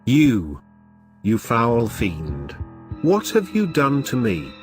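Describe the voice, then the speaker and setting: Man doing a young coyote-man, furious, grieving, accusing, animated, faint music behind. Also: medium pitch, takes it slowly. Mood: anguished. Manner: angry, accusing.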